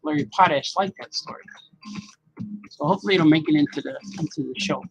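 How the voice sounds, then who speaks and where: A man's voice: on the high side, expressive, fairly quick, gravelly, lo-fi sound. Rambling man musing while he draws. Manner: talks to himself, musing and joking, says "man" often. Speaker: cartoonist drawing on camera. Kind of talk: rambling casual monologue while drawing.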